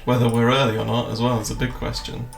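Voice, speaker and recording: A man's voice: mid-range voice, monotone, fast talker, vocal fry. A man chatting loosely on a trading livestream, rambling, swearing and laughing often. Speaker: crypto trading streamer. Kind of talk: casual livestream chat. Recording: roomy echo, faint music behind.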